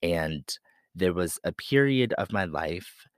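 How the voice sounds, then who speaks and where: A man's voice: sits low, expressive, slow, smooth, no room sound, studio quality. A man from Pennsylvania who hosts a podcast, telling a personal story in an earnest, candid and confessional way. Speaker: podcast host.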